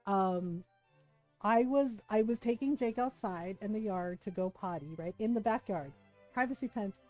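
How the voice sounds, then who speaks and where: A woman streamer chatting casually while gaming, telling an animated, profane story with frequent laughter. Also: medium pitch, normal speed, no room sound, faint music behind, rough recording.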